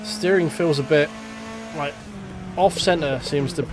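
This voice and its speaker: A man's voice: on the high side, a little slow, over music. Rambling man streaming sim racing. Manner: rambling, self-talking, casual swearing. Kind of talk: live gameplay commentary.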